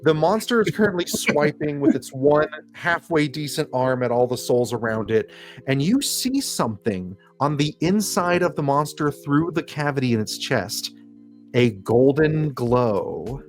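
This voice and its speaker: Lively, swearing male game master. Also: fairly high pitch, a little slow, soft background music. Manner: lively, swearing, laughing narration. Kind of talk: narrating a comedy tabletop game.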